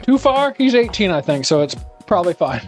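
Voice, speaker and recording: Very animated and a little fast, a high-pitched man rambles sarcastically while cooking live from his home kitchen. It's casual streaming chat, and faint music can be heard behind him.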